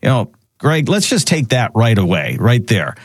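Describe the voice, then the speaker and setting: A man hosting a radio talk show, chatting in a lively, conversational way. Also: mid-range voice, moderate pace, dry recording, clean studio sound.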